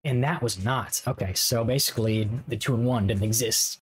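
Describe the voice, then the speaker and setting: A man's voice: medium pitch, normal speed, breathy edge, poor audio. A man hosting a Let's Play, giving casual, rambling and jokey commentary to his viewers while he plays.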